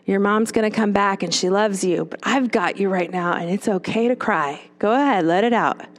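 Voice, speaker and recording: A woman acting out how she spoke to a sobbing little boy, coaxing him to calm down. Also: a little high, normal speed, close to an everyday voice. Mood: soothing. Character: soothing woman calming a crying little boy.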